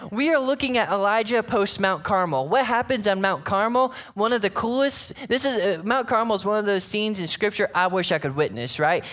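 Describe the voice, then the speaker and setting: Male pastor, higher-pitched voice, casual conversational sermon style with animated storytelling. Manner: conversational preaching, frequent "right?" asides, animated retellings.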